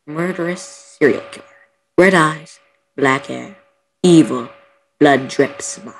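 Casual caller narrating a horror tale on a voice call; over-the-top delivery, computer mic, middle pitch. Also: measured pace, creaky, a little hiss or hum, rough recording. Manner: melodramatic, breaks off with gasps and giggles. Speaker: storyteller on a call. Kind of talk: reading a creepy story aloud.

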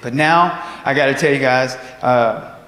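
A male stand-up comedian from Texas, performing an animated routine and laughing at his own jokes on a comedy club stage. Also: medium pitch, a little slow. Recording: echoey club hall with crowd. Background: audience laughter.

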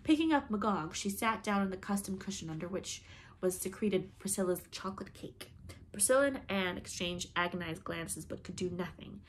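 A woman narrating an audiobook in a measured, expressive reading. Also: mid-range voice, a little hiss or hum. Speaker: audiobook reader.

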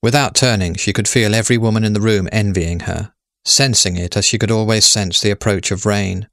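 A man narrating a story in a measured, steady way. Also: on the low side, no echo, clean studio sound.

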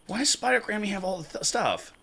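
A man's voice: sits high, quick pace, gravelly, breathy edge. A man streaming a game with a friend, joking around and yelping at jump scares. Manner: animated, joking, bursts into laughs and startled yelps. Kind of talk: casual co-op game chat. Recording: game music audible behind voice.

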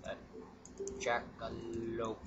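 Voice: mid-range voice, monotone, extremely slow, dull audio. A gamer giving casual let's-play commentary, muttering to themself with sudden yelps and cheers. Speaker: gameplay commentator. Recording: loud background noise.

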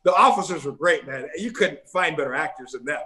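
Fairly high in pitch and fairly quick, the voice belongs to a middle-aged man who once played ball. His casual interview is full of animated stories in which he imitates other people's lines.

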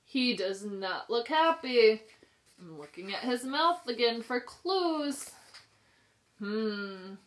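A woman pre-K teacher reading a picture book aloud to young children, sing-song and expressive, pausing to ask them questions. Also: fairly high pitch. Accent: New York. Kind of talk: children's storybook read-aloud.

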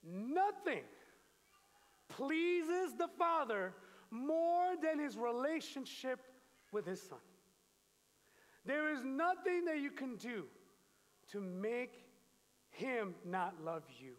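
A man preaching a sermon, animated storytelling and joking with the congregation. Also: very high-pitched, slow pace, pauses often, big-room sound. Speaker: pastor. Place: church.

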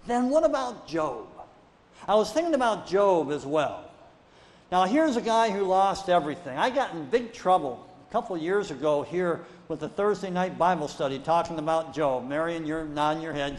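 A male pastor gives a sermon in a lively preaching manner, often climbing into loud, pressing rhetorical questions. His voice sits high for a man. The sound carries the long reverb of a church sanctuary. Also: moderate pace.

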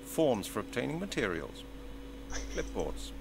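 Tired detective, flat matter-of-fact voice, bit of hiss behind it. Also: male voice, medium pitch, a little slow, gravelly. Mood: dry. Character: weary male detective, dry and unhurried. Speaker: game character.

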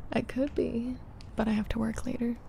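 Young woman asmr streamer, whispery and slow, a bit higher voice, soft mellow tone. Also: level tone, gravelly, a little hiss or hum. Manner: hushed, half-whispered, reading chat names aloud. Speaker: ASMR livestream host. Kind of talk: soft-spoken ASMR livestream chat.

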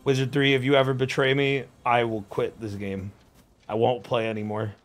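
A man's voice: mid-range voice, flat delivery, moderate pace, soft background music. A young man hosting a let's-play, chatting casually in a joking, bemused way with some swearing. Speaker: host playing a video game.

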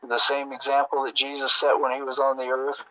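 A Jehovah's Witness man in a phone debate, speaking hesitantly with halting restarts as he searches for words. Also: medium pitch, completely flat delivery, sharp tone, no echo, low-quality recording.

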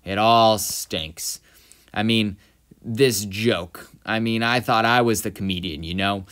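Guy reading the lines of a drunk bitter old vigilante falling apart, kinda low, slow and loud. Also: clear, resonant tone. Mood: despairing. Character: bitter, drunken aging male vigilante breaking down.

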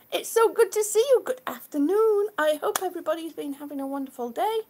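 Woman, live stream host, slow-paced, a bit out of breath, effusive, calls everyone sweetie. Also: very high-pitched. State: a little out of breath. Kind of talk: casual live stream chat greeting viewers.

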